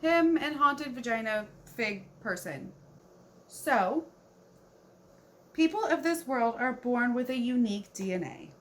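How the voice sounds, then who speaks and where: A woman vlogger chatting casually about a book she disliked, blunt and incredulous, cursing as she goes. Her voice sits a bit high and she talks at an unhurried pace. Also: animated. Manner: blunt, incredulous, swears freely. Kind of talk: casual book review chat.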